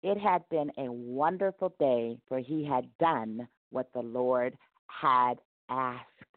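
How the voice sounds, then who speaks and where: A woman narrating a devotional story aloud in an expressive read-aloud manner. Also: rumbling low, slow, dry recording. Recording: tinny phone-like dry sound.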